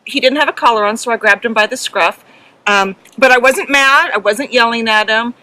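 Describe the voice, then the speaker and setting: Middle-aged woman, podcast co-host, bright open voice, heartfelt, halting storyteller. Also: a little high, low-quality recording. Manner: earnest, emotional, halting with many ums. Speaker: podcast co-host and herding judge. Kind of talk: casual storytelling chat.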